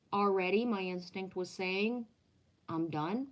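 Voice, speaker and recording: A woman with a slightly low voice tells a personal story in casual talk. She is blunt and swears freely. She acts out the voices of the people she quotes. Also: slow pace. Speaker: former restaurant owner and chef.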